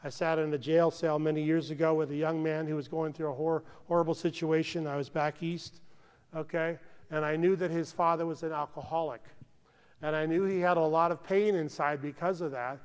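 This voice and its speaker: A man preaching a sermon in an earnest, conversational way, often checking in with "okay?" and dropping to hushed tones. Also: fairly high pitch, flat delivery, a little fast, clean tone, in a large hall. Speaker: pastor.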